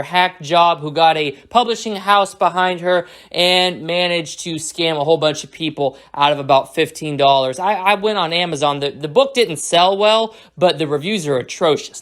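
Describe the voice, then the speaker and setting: A reviewer tearing into a movie in a mocking, sarcastic rant, thick with profanity. The voice sits in a middle pitch and the delivery keeps sneering throughout. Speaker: film reviewer.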